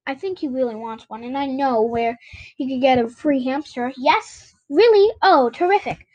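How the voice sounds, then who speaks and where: A woman voicing a kind teenage girl babysitter in a children's story, speaking gently. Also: high voice, normal speed, no echo, muffled recording. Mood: gentle. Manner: gentle and soothing.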